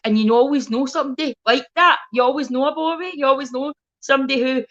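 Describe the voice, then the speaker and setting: A woman's voice: high voice, fast, lo-fi sound. A Scottish woman comedian chatting as a guest, blunt and sweary, telling stories with lots of energy. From Scotland. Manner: blunt, sweary, animated storytelling. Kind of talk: casual chat.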